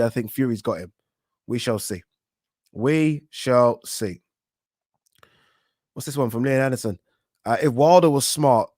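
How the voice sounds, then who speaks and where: Male streamer, casual live chat, frank and animated, mid pitch, dry close sound. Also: no room sound. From England. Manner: animated and frank, swears, reads viewer comments aloud. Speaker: boxing channel host.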